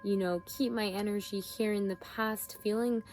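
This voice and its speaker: A tired woman giving a spiritual tarot reading, talking gently with searching, repetitive phrasing and many fillers. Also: mid-range voice, steady tone, moderate pace, faint music behind. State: yawning, tired. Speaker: tarot reader.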